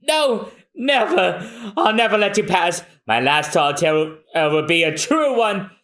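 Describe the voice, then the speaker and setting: Man voicing a scrappy young pirate, raised pitch, shouty and stubborn. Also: lively intonation, unhurried. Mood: defiant. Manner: defiant and shouting. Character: brave, scrappy young male pirate liar.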